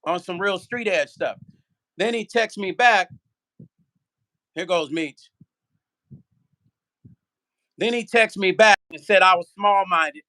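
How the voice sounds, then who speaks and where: A man's voice: high-pitched, slow pace, long pauses, sharp tone. A man vlogging in a heated, profane rant, repeating himself and firing rhetorical questions. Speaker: musician.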